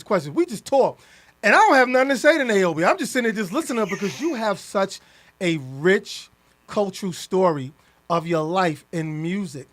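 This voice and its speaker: A man's voice: high-pitched, a bit bright. A man hosting a casual radio interview in a studio, effusive and hyping up his guest with emcee-style announcements. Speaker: radio show host.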